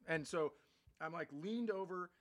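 A middle-aged man co-hosting a comedy podcast, telling stories in a dry, deadpan way. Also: a little high, unhurried, no echo. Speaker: podcast co-host. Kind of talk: casual comedic chat.

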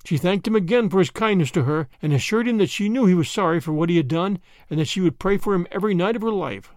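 Lively, high-voiced male storyteller. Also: fast, no room sound, clean studio sound. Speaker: podcast narrator. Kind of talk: scripted story narration.

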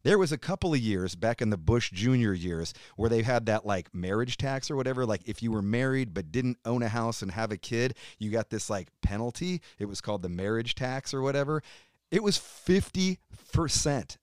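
A man's voice: mid-range voice, animated, moderate pace, no echo. A middle-aged American man ranting heatedly and profanely in a casual interview chat. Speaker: podcast guest, metal musician.

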